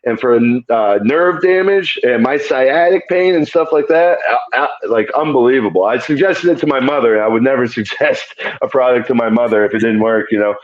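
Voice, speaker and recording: Laid-back laughing fighter, dull audio. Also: male voice, medium pitch, fairly quick, few pauses. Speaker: bare-knuckle fighter. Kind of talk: casual interview chat.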